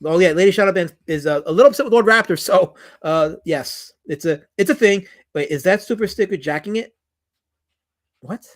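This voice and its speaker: A man's voice: high-pitched, brisk. A man hosting a livestream, reading viewer chats aloud and answering them in a joking, mock-indignant way that trails off into mumbles. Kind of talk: rambling livestream chat.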